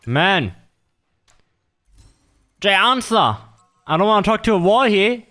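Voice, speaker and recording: A young man streaming a game live, excitable and swearing as he banters with a teammate. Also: high-pitched, slow, no echo, clean studio sound. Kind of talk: live gaming stream chat.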